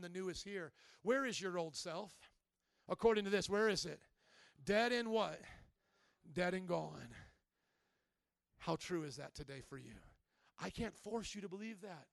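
A man's voice: sits high, moderate pace, gravelly, fairly bright tone, dry recording, clean studio sound. A man preaching a sermon as pastor, impassioned, often asking the congregation questions.

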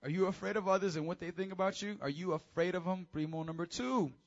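A man preaching a casual, high-energy sermon to teenagers as youth pastor, with call-and-response. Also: fast, dull audio.

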